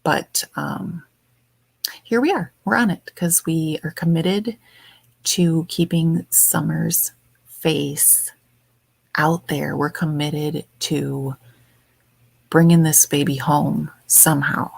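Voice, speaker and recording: Woman livestream host, soft and affectionate, slow and gravelly, dry close sound. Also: sits low, steady tone, dry recording. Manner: soft-spoken, affectionate, rambling. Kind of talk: casual chat greeting viewers. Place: home.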